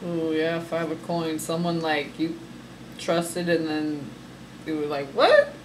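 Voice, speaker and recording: A woman's voice: low-pitched, little pitch movement, takes it slowly, a little hiss or hum, rough recording. A woman giving a casual, sassy tarot reading, talking emphatically and laughing often. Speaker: tarot reader.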